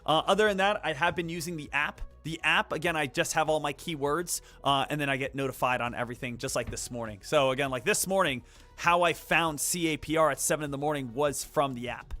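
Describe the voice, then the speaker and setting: A man chats loosely through a live day trading stream, wandering through fillers and asides. His voice sits a little high and comes across bright and forceful. Faint music plays underneath. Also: fairly quick. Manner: rambling, animated, many fillers. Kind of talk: casual live-stream chat.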